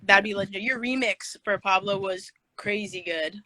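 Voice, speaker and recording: A woman's voice: medium pitch, normal speed, pushed and bright, no room sound, poor audio. A woman hosting a casual livestream chat on her phone, giggly and a little scattered as she reads out fan questions. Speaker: livestream host. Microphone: phone video stream.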